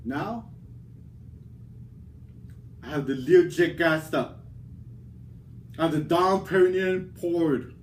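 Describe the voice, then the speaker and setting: A man delivering a theatrical wrestling promo, his voice sitting a little high as he brags. He stretches every phrase out at a very slow, deliberate pace. The delivery is boastful and dramatic throughout. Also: a little hiss or hum.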